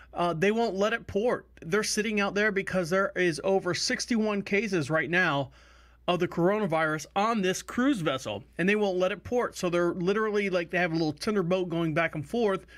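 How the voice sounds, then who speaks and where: A man's voice: sits high, a bit bright. A man hosting a talk radio show from the studio, rambling and chatty with asides. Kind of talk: casual talk radio monologue.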